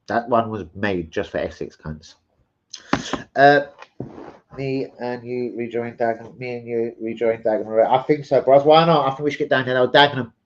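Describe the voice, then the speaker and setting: A man's voice: low-pitched, lo-fi sound. A man hosting a casual football livestream, rambling and swearing as he chats with viewers. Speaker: football fan channel host. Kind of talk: casual livestream chat reading transfer gossip.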